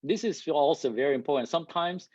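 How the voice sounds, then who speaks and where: A man who speaks English as a second language, giving a lively, loud talk to a live and online audience, laughing often and asking the room "right?". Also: fairly high pitch, quick pace, no room sound. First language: not English. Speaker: guest speaker. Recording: dull lo-fi recording.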